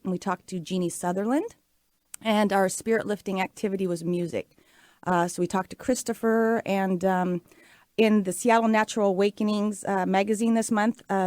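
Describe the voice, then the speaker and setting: A woman's voice: medium pitch, darkish tone, no room sound. A woman in her late forties hosting a talk show, telling stories in a chatty, upbeat way with many fillers. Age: 40s. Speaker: radio show host. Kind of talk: casual talk show monologue.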